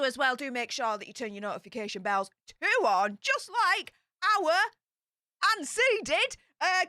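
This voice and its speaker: A woman's voice: high-pitched, bright, forceful tone, no echo, studio quality. A woman with a Yorkshire accent hosting a livestream, chatting casually and greeting viewers one by one in a bubbly, chatty way. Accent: Yorkshire English. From Yorkshire, England. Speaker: YouTube livestream host.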